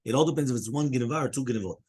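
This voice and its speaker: A man's voice: medium pitch, rapid-fire, darkish tone, breathy edge. A man who is a rabbi leading a Talmud study class, explaining step by step, fielding students' questions and often checking in with "right?".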